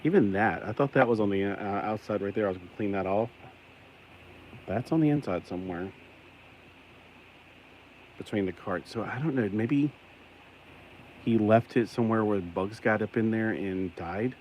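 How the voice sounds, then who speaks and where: A man with a low, deep voice rambles through a casual toy-collecting vlog, talking to the camera as he cleans a grimy figure. He is self-deprecating and keeps voicing disgust. A faint hum of room ambience sits behind him. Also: normal speed, pauses often, darkish tone, poor audio.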